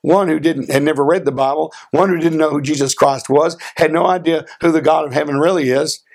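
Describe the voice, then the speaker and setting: A man preaching a sermon, earnest, asking rhetorical questions and slowing down for emphasis. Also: on the high side, fairly even intonation, creaky. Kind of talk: sermon with a personal story.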